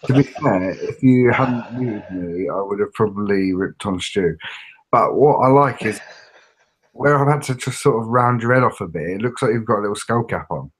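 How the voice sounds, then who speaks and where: A man's voice: lowish voice, moderate pace, breathy edge. A British man co-hosting a casual podcast, dry and teasing. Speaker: podcast co-host. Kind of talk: casual chat.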